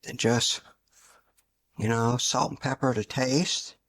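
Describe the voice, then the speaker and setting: A man's voice: mid-range voice, slow, a bit bright. Folksy Southern man cooking breakfast. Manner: folksy, chatty, homey. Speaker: cooking channel host. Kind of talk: casual cooking demonstration.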